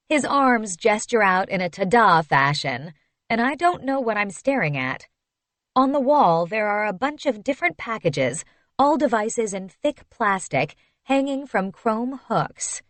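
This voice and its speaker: A woman narrating a first-person story in an expressive, wistful storytelling manner. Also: medium pitch, unhurried, no room sound. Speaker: audiobook narrator.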